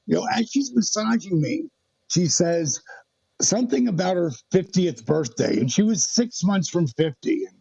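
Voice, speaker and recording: Male guest, animated storyteller; higher pitch, raspy, recorded dry and dull. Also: moderate pace, no echo. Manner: animated, acts out quoted dialogue. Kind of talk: storytelling in a podcast interview.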